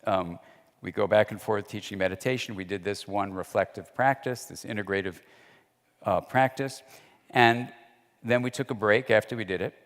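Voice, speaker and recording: A man with a lowish, slightly bright voice gives a lecture at a moderate pace, weaving in anecdotes and acting out quoted dialogue like a conversational storyteller. Long hall reverb surrounds his voice.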